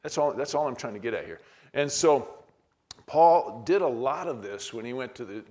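A man's voice: medium pitch, animated, moderate pace, a little mellow. A man, middle-aged, teaching a Bible class in a conversational way, reading verses aloud with frequent restarts.

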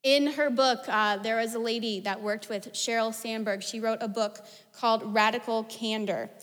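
Animated high-voiced woman preaching in a hall. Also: normal speed. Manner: animated, conversational storytelling with asides. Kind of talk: sermon. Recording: long hall reverb.

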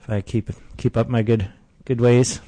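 A man's voice: medium pitch, little pitch movement, moderate pace, dark tone, dry recording. A man hosting a casual radio show, rambling and poking fun at himself. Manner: rambling, self-deprecating. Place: radio studio.

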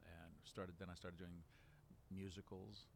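A man's voice: deep voice, level tone, measured pace, gravelly, a little hiss or hum. A man in his seventies from Baltimore, talking through memories at length in an interview, rambling with many fillers and restarts. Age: 70s. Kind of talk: relaxed reminiscing interview.

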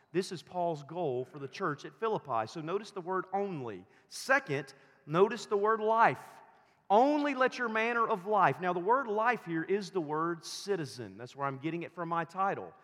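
High-voiced man preaching in a reverberant hall. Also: a bit bright. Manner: slow, emphatic preaching with repeated phrases. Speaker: pastor. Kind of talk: sermon.

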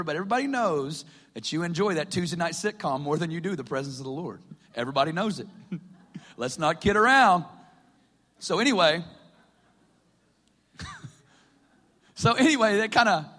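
A talkative male preacher sharing his testimony from a stage, his voice sitting a touch high for a man. He laughs often and acts out what others said as he tells the story. Long reverb trails each phrase. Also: fairly bright tone. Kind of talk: personal testimony sermon. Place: stage in a hall.

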